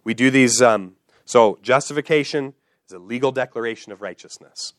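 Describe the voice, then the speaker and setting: A man's voice: medium pitch, normal speed, no echo. Emphatic male pastor, dry close sound. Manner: emphatic, repeats key phrases for teaching. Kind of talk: sermon.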